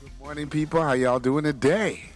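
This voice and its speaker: A man's voice: on the high side, steady tone, normal speed, faint music behind. A man co-hosting a simulcast radio show, chatting casually and greeting listeners in a friendly way.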